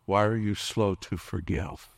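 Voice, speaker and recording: A middle-aged man preaching a fiery sermon in a fairly low voice, recorded close and dry. He calls out to his congregation for responses and swings between strong declarations and hushed whispers. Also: steady tone, a little slow, vocal fry, dry recording. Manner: impassioned preaching, dropping at times to a hushed whisper. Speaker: pastor.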